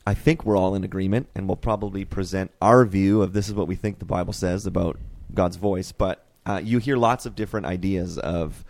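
A man hosting a casual faith podcast, animated and rambling, laughing often. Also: low voice, brisk, few pauses, no echo. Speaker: podcast host.

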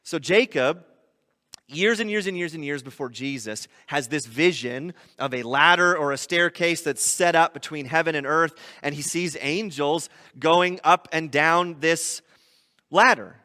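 A man's voice: fairly high pitch, unhurried, bright, forceful tone, big-room sound. A man preaching a teaching sermon, talking through scripture conversationally and asking his listeners rhetorical questions. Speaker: pastor. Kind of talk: expository sermon.

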